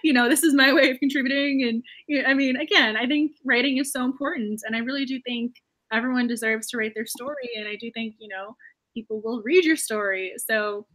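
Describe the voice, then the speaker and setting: A woman's voice: on the high side, brisk, fairly bright tone. A woman hosting a writing live stream, gushing and emotional, full of fillers and laughter. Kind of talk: casual live-stream chat.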